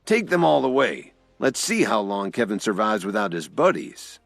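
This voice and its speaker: A man's voice: lowish voice, very animated, creaky, fairly bright tone, no room sound, soft background music, heavily acted. A man voicing an arrogant, menacing middle-aged man in an audio drama, growling and proud. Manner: growling, proud, slow and threatening.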